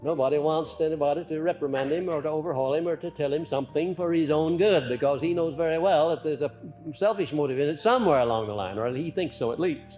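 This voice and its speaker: A faint musical bed sits under this muffled old recording of a man lecturing to a live audience. His voice is a little high, his manner folksy and sincere, and he keeps stopping on "uh" while shifting deliberately between loud and quiet.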